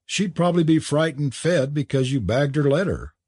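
A man's voice: on the high side, lively intonation, normal speed, darkish tone, slightly rough, dry recording, clean studio sound, voice pushed up. A man reading a story, voicing a sardonic young male student.

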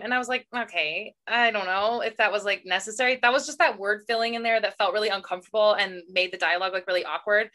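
Bright-voiced young woman chatting about books. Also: medium pitch, quick pace, few pauses. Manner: chatty, laughs often, acts out quotes. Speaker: podcast co-host. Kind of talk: casual book chat.

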